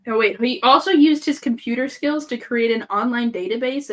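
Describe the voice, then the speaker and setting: A woman's voice: on the high side, normal speed. A woman co-hosting a casual podcast chat, talking in a chatty, joking way with the odd swear. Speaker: podcast co-host.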